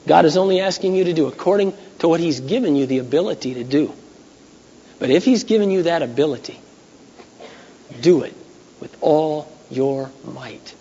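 Brief: male pastor, sermon, storytelling with forceful peaks, lo-fi 1980s church recording. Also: on the high side, expressive, moderate pace, pauses often, slightly rough. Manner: conversational storytelling, rising to loud emphatic peaks. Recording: dull 1980s church recording with long hall echo.

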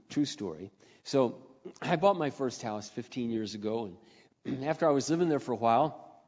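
A man telling a personal story in a sermon, animated, dropping to a hush and then rising to loud exclamations. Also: mid-range voice. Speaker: speaker. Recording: echoey hall, dull lo-fi sound.

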